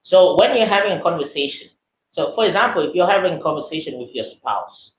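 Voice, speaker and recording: A man's voice: a little high, expressive, a little fast, roomy sound, a little hiss or hum, poor audio. A man giving a casual webinar talk, answering questions with lots of fillers and "right?" tags. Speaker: webinar speaker.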